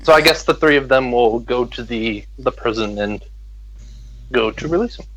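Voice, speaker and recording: A man's voice: mid-range voice, moderate pace, fairly bright tone, muffled recording, slight background noise. A man playing a tabletop game, chatty and thinking aloud. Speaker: player. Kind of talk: casual tabletop game talk.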